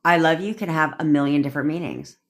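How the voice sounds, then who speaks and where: A woman's voice: low voice, quick pace. A young woman coaching on a phone livestream, talking in a blunt, profane, cocky way and laughing at herself. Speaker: manifestation coach. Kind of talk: casual livestream rant.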